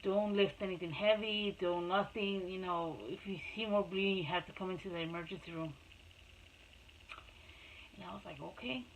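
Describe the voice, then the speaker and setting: An adult mother tells her own life story to camera in a casual, rambling manner, often repeating herself and starting over. Her mid-range voice is fairly even in intonation at a moderate pace, and the rough recording has slight background noise.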